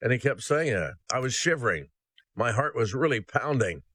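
A man preaching a sermon, telling a story aloud in an earnest, slow and solemn way. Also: medium pitch, sing-song, a bit bright, breathy edge, no room sound. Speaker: ministry host.

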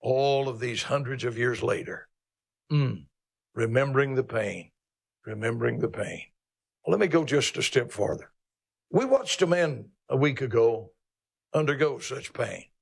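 A male pastor preaching a sermon in an emphatic, folksy, teasing manner, jumping his pitch up for emphasis. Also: lively intonation, measured pace, vocal fry.

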